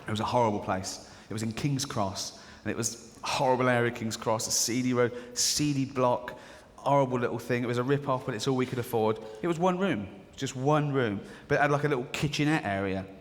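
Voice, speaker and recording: A man's voice: medium pitch, a little fast, few pauses. A man doing live stand-up, chatty and storytelling, slipping into the voices of people in his anecdotes. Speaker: stand-up comedian. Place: large theatre stage. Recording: live hall reverb with faint audience ambience.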